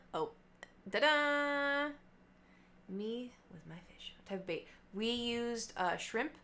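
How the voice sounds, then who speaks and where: A young adult woman livestreamer in casual chat with her viewers, telling a rambling story full of fillers and asides. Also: medium pitch.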